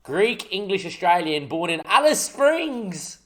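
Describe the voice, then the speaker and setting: A young man hosting his gaming channel, chatting casually and jokily as he thinks out loud over gameplay. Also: high voice, big pitch swings, slow pace. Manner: rambling, jokey, thinks aloud while playing.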